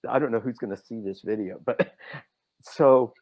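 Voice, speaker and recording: Animated man telling stories. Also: moderate pace, poor audio. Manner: animated, acts out quotes with big swings in pitch. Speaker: podcast guest, author. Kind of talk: casual storytelling.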